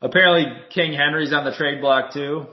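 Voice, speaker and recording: A man's voice: a little high, fairly quick. Male podcast co-host, fired-up and profane, roomy lo-fi sound. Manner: animated, swears a lot, heated storytelling. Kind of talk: casual sports chat.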